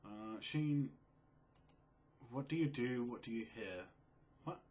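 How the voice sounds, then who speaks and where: A quiet, low-key young man in casual chat, reading out and answering viewer questions. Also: takes it slowly, a little hiss or hum. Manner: quiet, low-key, self-described mellow and sleepy.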